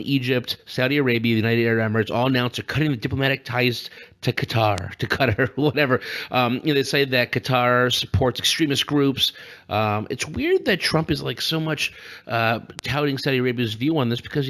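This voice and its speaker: A man's voice: mid-range voice, a little fast, fairly bright tone. Rambling, jokey man on a podcast. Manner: rambling and jokey, laughs often. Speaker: podcast co-host. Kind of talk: casual political podcast chat.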